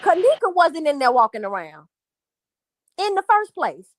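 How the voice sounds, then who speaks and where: A woman's voice: extremely high pitch, very animated, moderate pace, dry recording, clean studio sound. A woman hosting a livestream, venting angrily to her viewers in a profane, repetitive rant. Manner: angry, profane, repetitive, addresses chat as y'all. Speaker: livestream host.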